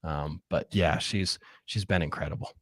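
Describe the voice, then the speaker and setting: A man's voice: rumbling low, normal speed, no echo. A man, a real estate investor and coach, telling his story earnestly and candidly in a podcast interview, openly emotional.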